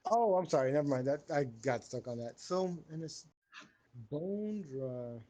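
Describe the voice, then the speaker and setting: A man's voice: fairly high pitch, animated, unhurried, warm tone. A man hosting an online improv game, tired and playful, turning mock-grand when he hands out points. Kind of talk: casual online improv chat.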